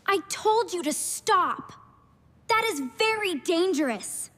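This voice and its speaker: A woman voicing a sensible, bossy young girl in a slow cartoon story, scolding and urgent. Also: extremely high pitch, lively intonation, fairly bright tone, exaggerated voice. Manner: scolding, then urgent and frantic. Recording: reverberant room.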